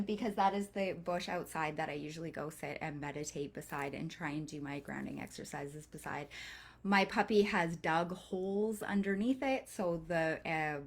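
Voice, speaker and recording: A woman's voice: on the low side, a bit bright. Woman, workshop leader recording at home on a computer mic, casual, rambling delivery with fillers and the odd curse. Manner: casual and chatty, loose with swearing; rambling, with frequent fillers and restarts. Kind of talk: live online workshop lesson.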